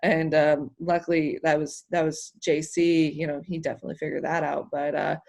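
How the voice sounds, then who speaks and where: Athlete woman guest, slightly low-pitched, animated and emotional, rambling delivery. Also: normal speed. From United States. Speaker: interview guest, hammer thrower. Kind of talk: casual interview storytelling.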